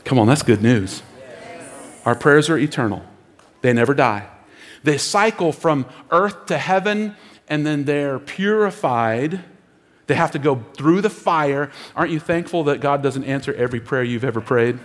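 A man's voice: medium pitch, expressive, normal speed. A man preaching a sermon as pastor, emphatic and repeating phrases for effect, in a church auditorium. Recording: long hall reverb.

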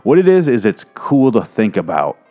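A man's voice: fairly low pitch, sing-song, normal speed, mellow, soft background music. A man hosting a movie review show, rambling in an exasperated, profane rant. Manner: rambling, exasperated, swears freely.

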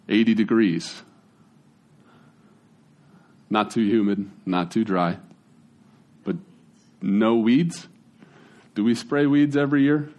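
A man, giving a casual, conversational sermon as a pastor, with folksy, animated storytelling. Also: mid-range voice.

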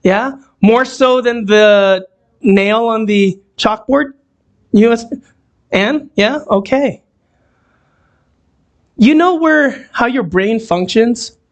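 A man's voice: very high-pitched, drawn-out words, long pauses. A man preaching a sermon in a church, talking to the congregation and putting questions to them. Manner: conversational, asks the audience questions. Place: church hall, also streamed on a video call.

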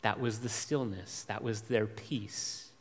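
A man's voice: on the low side, steady tone. Man preaching in a reverberant hall. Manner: measured, emphatic preaching with dramatic pauses and lists. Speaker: pastor. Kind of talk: expository sermon.

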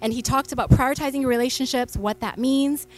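Woman pastor in her 30s, fairly high voice, chatty sermon on a church mic. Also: fast talker, faint music behind. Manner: chatty storytelling with many fillers. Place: church stage. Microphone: stage microphone.

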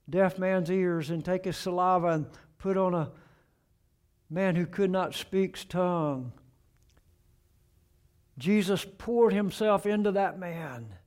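A male preacher delivers a sermon at an unhurried pace. His voice sits high for a man. He pushes the questions he quotes up in force and lets the ends of his points fall low and soft. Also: smooth.

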